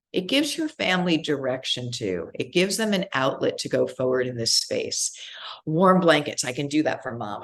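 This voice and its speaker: A low-pitched woman, middle-aged, trains caregivers in an earnest, emphatic way. She talks straight to the listener in a conversational teaching tone, leaning hard on the points she stresses. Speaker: end-of-life doula trainer.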